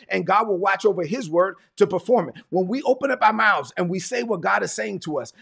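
A man's voice: high-pitched, vocal fry, a bit bright, slightly rough. A man from Brooklyn, preaching a sermon with emphatic, repetitive cadence. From Brooklyn, New York. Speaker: pastor.

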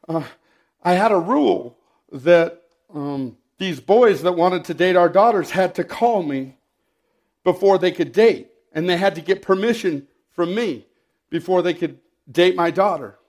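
A middle-aged man preaching a sermon, telling personal stories with dry humor and often clearing his throat. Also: high-pitched, a little mellow. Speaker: pastor.

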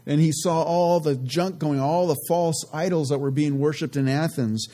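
A man giving conversational Bible teaching, earnest and relaxed, often adding "you know" and reading verses aloud slowly. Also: fairly high pitch. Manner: reads scripture aloud slowly and deliberately.

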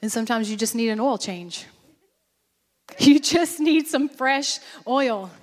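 A woman pastor preaching a sermon, animated and lively, acting out bursts of praise as she goes. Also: fairly high pitch, unhurried, in a large hall.

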